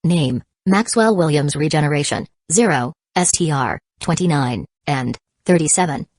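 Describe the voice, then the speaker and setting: Narrator, female, low register, dry close sound, steady audiobook read. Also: moderate pace, dry recording. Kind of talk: scripted narration.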